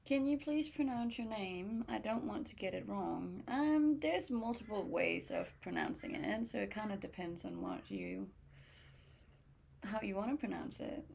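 A woman's voice: medium pitch, very animated, unhurried, creaky, darkish tone, slight background noise. A young woman streamer from Denmark chatting casually and answering viewers' questions aloud. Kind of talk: casual chat reading viewer comments.

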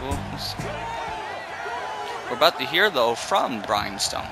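A man's voice: medium pitch, very animated, unhurried, vocal fry, crowd noise, rough recording. Hesitant male wrestling commentator over music. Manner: hesitant, with many fillers and repeated words. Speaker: play-by-play commentator.

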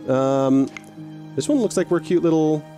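A man's voice: a little high, normal speed, dark tone, faint music behind. A male gaming channel host talking casually while playing a game. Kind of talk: casual gameplay chat.

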